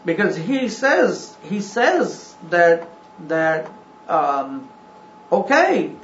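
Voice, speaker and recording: A man teaching a scripture class. He talks haltingly, with frequent ums and restarts. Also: a little high, sing-song, fairly bright tone, a little hiss or hum. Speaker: religious teacher. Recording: roomy, dull recording.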